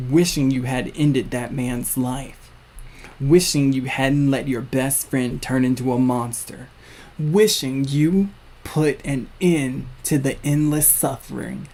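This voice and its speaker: A man voicing a suave, menacing male villain, the hero's future self, speaking slowly and deliberately. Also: medium pitch, steady tone, darkish tone.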